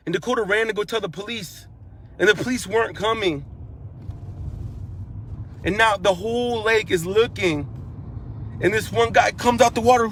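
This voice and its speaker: Man with a somewhat high voice recounting events in earnest, repetitive and urgent. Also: normal speed, long pauses, a bit bright, slight background noise. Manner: earnest, repetitive, grows urgent while retelling; repeats phrases and restarts. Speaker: eyewitness. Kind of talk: emotional first-person recounting.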